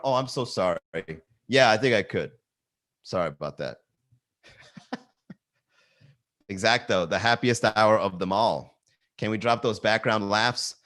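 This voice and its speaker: Guy doing a solo comedy livestream in his garage, cracks himself up, bright forceful voice. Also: on the low side, unhurried, long pauses. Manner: laughs at his own jokes, riffs, self-mocking. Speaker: comedian hosting a daily livestream. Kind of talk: casual solo livestream chat. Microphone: talking to a camera.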